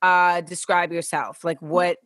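A woman hosting a casual interview, talking in an animated, slangy way and laughing often. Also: on the low side, a little slow, dry recording. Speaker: podcast host.

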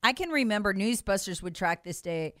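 A woman's voice: mid-range voice, animated, brisk, fairly bright tone, no room sound, clean studio sound. Impassioned woman talk radio host. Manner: impassioned, emphatic, mocking. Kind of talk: political talk radio commentary.

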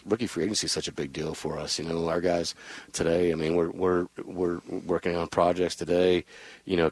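A man's voice: low voice, breathy edge, dry recording. A middle-aged man, a football team's general manager, chatting in a radio interview in a rambling way, with many restarts. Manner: rambling, with many restarts, and laughs while telling family stories. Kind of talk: casual radio interview chat.

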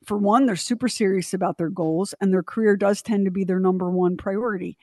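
A woman's voice: medium pitch, steady tone, a little fast, mellow, no room sound, clean studio sound. A woman co-hosting a radio show, chatty and playful, laughing often. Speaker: radio co-host. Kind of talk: casual radio banter.

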